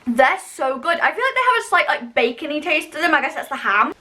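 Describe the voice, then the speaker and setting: A young UK woman vlogs a snack review, talking casually and enthusiastically with frequent fillers. Her voice is high-pitched and sing-song, fairly quick, and bright and forceful.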